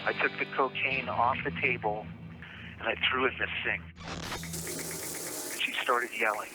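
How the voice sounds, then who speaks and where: A man in a phone interview from jail, recounting events in a plain, halting first-person way. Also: mid-range voice, steady tone, over music, low-quality recording. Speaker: jailed murder suspect.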